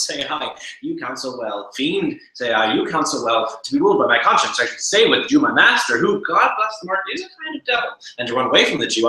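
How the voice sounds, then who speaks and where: A man's voice: medium pitch, pushed and bright. A man reading a play aloud, voicing a jittery comic young male servant who swings between voices. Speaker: charity reader. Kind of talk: live read-aloud of a play. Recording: echoey room, distant mic.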